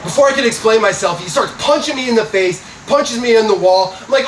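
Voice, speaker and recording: Young male stand-up, deadpan with loud punchlines, roomy and noisy club sound. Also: sits high, fairly quick. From Scranton, Pennsylvania, USA. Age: young adult. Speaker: stand-up comedian. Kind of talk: stand-up comedy set. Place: comedy club stage before a live audience. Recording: roomy club audio from a distance with noise.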